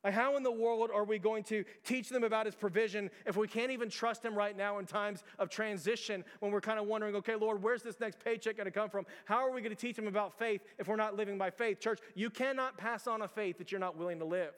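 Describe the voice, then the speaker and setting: Casting: male pastor with a high voice, earnest sermon full of rhetorical questions, church hall reverb. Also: steady tone, fast, few pauses, clean tone.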